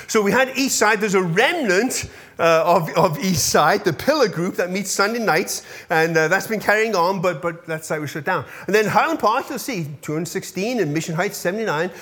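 This man in his 50s talks a little fast in a high, fairly bright voice as he updates his congregation informally. Chatty and frequently checking in with his listeners, he's quickly moved when he thanks them.

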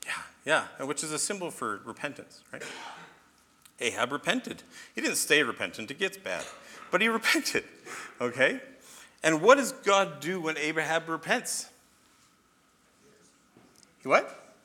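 A man teaching the Bible in an animated sermon, asking rhetorical questions and often checking in with "okay?". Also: on the high side, unhurried, long pauses.

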